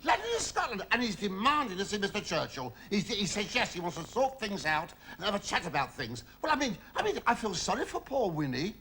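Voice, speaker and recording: In a noisy, hiss-laden recording of British sitcom acting, a man plays a cheeky army batman, chatty, fawning toward his colonel and full of innuendo. His full character voice is high-pitched, bright and forceful, with big pitch swings, a brisk pace and few pauses.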